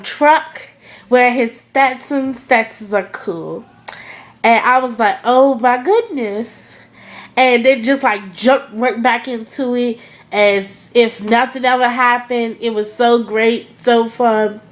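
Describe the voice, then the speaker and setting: A young woman with a fairly high voice talks slowly and casually to her viewers. She gushes as she goes, her sentences full of "like" and "oh my goodness". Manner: gushing, lots of "like" and "oh my goodness". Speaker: vlogger reviewing a TV episode. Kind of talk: casual excited chat.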